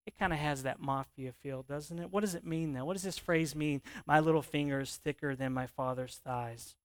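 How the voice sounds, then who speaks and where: A man preaching a sermon in a conversational, animated way, often asking his listeners questions. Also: fairly high pitch, moderate pace, smooth. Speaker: pastor.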